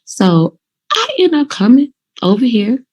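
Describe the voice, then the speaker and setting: A woman vlogging casually, giving motivational law of attraction tips and telling her own story in an animated, informal, direct way. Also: a little high, a little slow, breathy edge. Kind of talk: casual motivational vlog talk.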